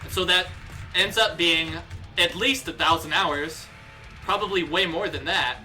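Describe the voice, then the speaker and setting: A young man on a livestream, riled up and cursing as he rants, often stumbling and starting his sentences over. His voice is very bright and sits a bit high for a man, with soft guitar music playing underneath. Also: measured pace. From United States. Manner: heated, profane, ranting with restarts. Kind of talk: casual livestream rant.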